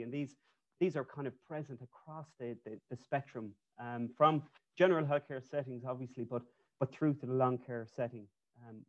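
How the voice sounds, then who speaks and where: A man presents his research in a loose, conversational way, often restarting his phrases. His voice sits at a middle pitch for a man. The video call audio sounds muffled and lo-fi. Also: darkish tone. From Ireland. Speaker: webinar presenter, architect.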